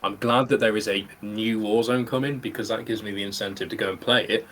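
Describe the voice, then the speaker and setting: Man, thirties, from the uk, podcast host, slightly low voice, chatty and rambling, faint background hiss. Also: steady tone, brisk, a bit bright, rough recording. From United Kingdom. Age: 30s. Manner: chatty, rambling, laughs often. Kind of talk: casual chat among friends.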